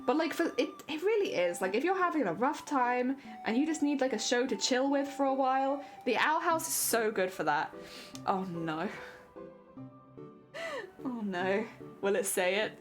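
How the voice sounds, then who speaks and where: A woman's voice: a little high, animated, normal speed, soft background music. A young woman streaming, chatting casually with her audience, laughing often and trailing off mid-thought.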